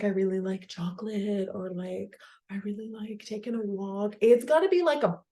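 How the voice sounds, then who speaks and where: A woman hosting a self-help podcast, talking casually and animatedly, leaning heavily on "like" as she explains her ideas. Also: mid-range voice. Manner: animated and conversational, heavy use of "like". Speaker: podcast host.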